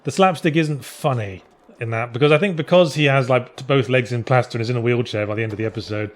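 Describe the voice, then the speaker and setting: A man's voice: medium pitch, quick pace. A man co-hosting a let's play, chatting casually over gameplay in a dry, sarcastic way. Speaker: co-host of a let's play podcast.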